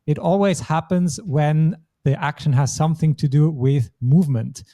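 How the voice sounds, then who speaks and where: A man's voice: fairly high pitch, moderate pace, warm tone. A man teaching a language lesson, explaining patiently step by step. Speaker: German teacher.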